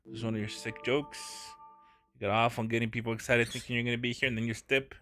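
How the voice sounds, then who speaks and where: A man's voice: medium pitch, little pitch movement, fast, a bit bright, soft background music. A man streaming a game, talking casually, joking and swearing in mock outrage. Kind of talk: casual gaming commentary.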